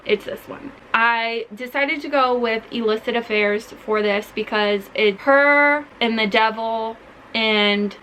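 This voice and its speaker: A young woman gushes about her favorite books in a chatty, enthusiastic vlog, peppering her talk with "like." Her voice sits fairly high and rings bright and forward. A faint hiss runs under the home recording. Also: poor audio. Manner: gushing, chatty, heavy use of "like". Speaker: book vlogger. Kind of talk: casual book recommendations.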